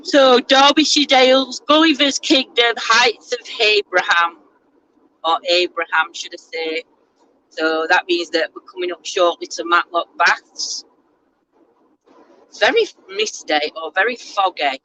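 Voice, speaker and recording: Recorded in a moving car with background road noise, this rough clip has a woman vlogger making casual, self-mocking small talk during a road trip. She speaks at mid pitch, a touch slowly, with a sharp tone.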